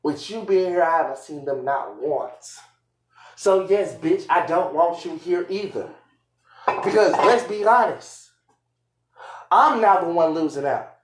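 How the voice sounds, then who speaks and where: A young man arguing angrily and profanely with his partner on a live stream, repeating himself and shouting. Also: a little high, lively intonation, a little slow, long pauses. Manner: angry, profane, repetitive shouting. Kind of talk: heated argument on a live stream. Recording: echoey room.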